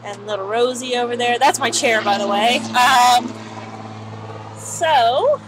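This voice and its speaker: A woman's voice: on the high side, takes it slowly, background noise. A young woman vlogging in casual chat on an outdoor balcony, rambling and self-mocking with lots of fillers.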